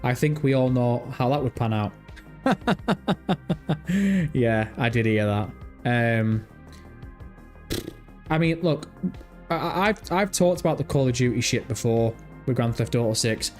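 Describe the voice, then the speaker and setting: A man's voice: medium pitch, animated, slow, long pauses, a little mellow. Male streamer, loose chatty delivery, reads chat aloud, faint music bed. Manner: rambling, thinks aloud, reads chat and search results. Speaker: gaming livestream host. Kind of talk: casual livestream chat.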